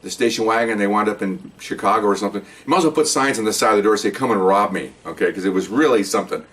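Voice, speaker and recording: A man's voice: lowish voice, quick pace, a bit bright, distant mic. An older man, a retired police officer, telling a story from his career in a casual, rambling way, often repeating and restarting words.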